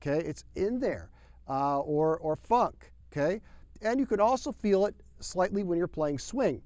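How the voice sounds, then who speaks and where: A man's voice: high voice, animated, measured pace, darkish tone, no echo. A man teaching a drum lesson to camera in an upbeat, folksy, emphatic way, sometimes singing drum syllables. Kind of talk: video lesson.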